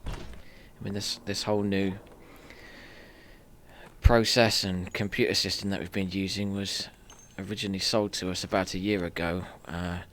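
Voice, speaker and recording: Dry-voiced man, low pitch. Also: level tone, moderate pace, a bit bright. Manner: dry, grumbling. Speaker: co-host and education worker. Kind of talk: casual chat.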